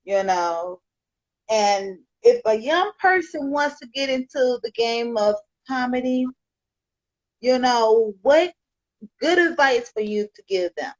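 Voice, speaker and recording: A woman's voice: on the high side, animated, takes it slowly. A woman hosting her own podcast, chatting casually and enthusiastically with her guest. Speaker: podcast host. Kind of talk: casual interview chat. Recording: dull lo-fi audio.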